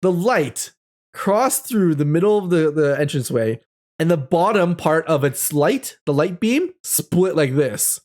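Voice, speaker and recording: Male, 30s, host recounting a childhood ghost story; expressive, chatty, rambling delivery. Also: on the high side, a little slow. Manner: animated storytelling with frequent laughter and fillers. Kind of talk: telling a personal ghost story.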